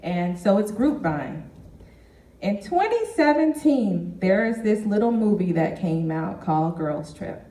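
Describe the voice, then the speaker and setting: A woman delivers a keynote business presentation in a meeting hall, measured and speaking straight to the audience. Her voice is dark and mellow. The mic catches her from a distance, with lots of room echo. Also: medium pitch, lively intonation. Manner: measured, addresses the audience directly. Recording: echoey hall from far off.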